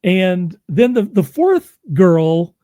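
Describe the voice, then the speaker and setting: A man's voice: high-pitched, very animated, takes it slowly, warm tone, no echo, clean studio sound. A man who narrates audiobooks, chatting casually as host, laughing often and restarting his sentences. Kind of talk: casual chat.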